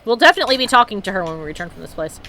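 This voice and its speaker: Woman let's-player, lively pitch swings, chatty and amused. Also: racing. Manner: chatty, laughs often, reads notes aloud. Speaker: let's play streamer. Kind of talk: casual gameplay commentary.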